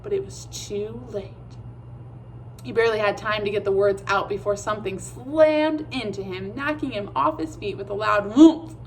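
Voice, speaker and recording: A woman narrating a children's chapter book with a steady, measured reading. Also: mid-range voice, a little hiss or hum, rough recording. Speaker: audiobook reader. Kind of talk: storybook narration.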